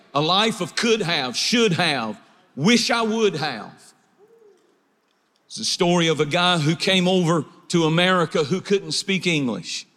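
A man's voice: fairly high pitch, fairly bright tone. A man preaching a sermon as pastor, mixing jokes and stories with exhortation. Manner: humorous storytelling, preacherly. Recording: long hall reverb.

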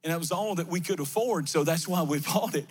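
A man's voice: fairly high pitch, brisk, slightly rough. A male pastor preaching a fervent sermon with chanted, repeated refrains in a large empty sanctuary. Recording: long reverb of a big hall.

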